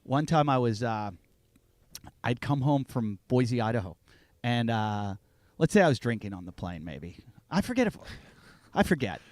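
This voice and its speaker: A man's voice: medium pitch, moderate pace, pauses often, no room sound. A man on a podcast casually telling a long story, acting out what he and others said. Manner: animated storyteller acting out both sides of a conversation. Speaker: podcast co-host.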